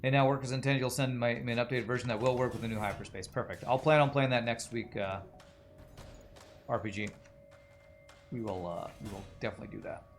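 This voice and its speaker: A man narrates his own gameplay in a loose, conversational way, pausing to answer viewers. His voice has a gravelly rasp, and faint game music sits beneath it. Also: medium pitch. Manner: musing aloud, chatting with viewers. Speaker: streamer. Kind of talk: casual gameplay commentary.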